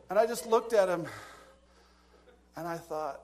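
Animated storytelling preacher, a man. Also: high-pitched, a little slow, long pauses. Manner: animated storyteller, dramatic asides and laughing. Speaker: pastor. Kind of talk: storytelling sermon.

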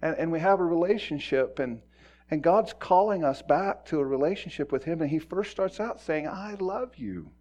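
A middle-aged man preaching a sermon in a conversational way, acting out quoted voices and moving from quiet talk to loud emphasis. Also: fairly high pitch, normal speed, muffled recording. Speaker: pastor.

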